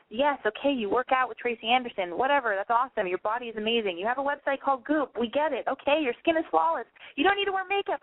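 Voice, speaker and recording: On a dry, tinny phone-like recording with no echo, a young woman with a mid-range voice hosts a call-in show. Her talk is chatty and wandering, heavy on swearing and filler "likes."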